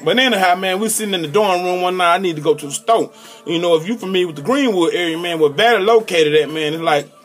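A man, hosting a casual live radio show and shouting out his hype intros. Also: a little high. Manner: hyped, shouting call-outs and shout-outs. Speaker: radio host.

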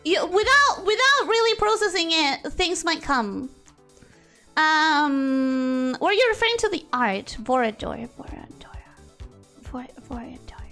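Lively high-voiced woman streamer. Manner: rambling, self-interrupting, animated. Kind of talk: casual chat while drawing.

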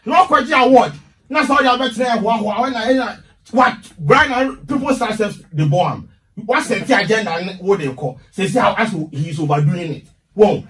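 A defiant Ghanaian man with a fairly high voice argues his side in radio banter, mixing English and Twi. He sits a little back from the microphone. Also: lively intonation, measured pace, fairly bright tone, far from the mic. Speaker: radio guest.

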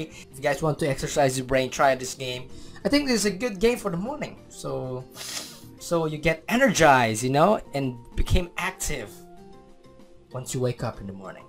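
A man from the Philippines doing gameplay commentary, excitable, talking to himself and his viewers and calling out answers as he plays. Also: high-pitched. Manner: excitable, talks to himself and the audience, counts answers aloud. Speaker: gaming YouTuber.

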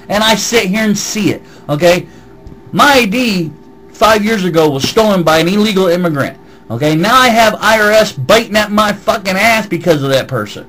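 A man's voice: sits high, lively intonation, moderate pace, a bit bright, slight background noise, rough recording. A man with a slight Southern American accent, ranting on a vlog and reading out comments in a heated, swearing voice. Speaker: vlogger. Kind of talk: angry vlog rant answering comments.

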